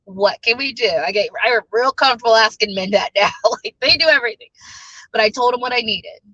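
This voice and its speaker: A woman in her thirties chats to her viewers in a bright, forward voice with a husky, breathy edge. She tells her stories loosely and laughs easily along the way. The recording is dull and lo-fi. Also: a little high, a little fast. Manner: chatty, storytelling, laughs easily. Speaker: spiritual life coach vlogger. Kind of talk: casual talk to viewers.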